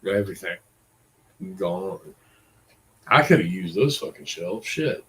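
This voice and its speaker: Slow-talking, cursing man in his forties. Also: sits low, expressive, fairly bright tone, poor audio. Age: 40s. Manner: profane, rambling and exasperated. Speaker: vlogger. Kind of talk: casual ranting monologue.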